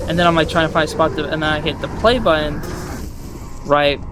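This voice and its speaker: A man casually recapping a game he played, rambling and swearing, acting out his own thoughts with loud outbursts, with loud music behind. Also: on the high side, steady tone, a little fast, rough recording. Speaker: gaming video host.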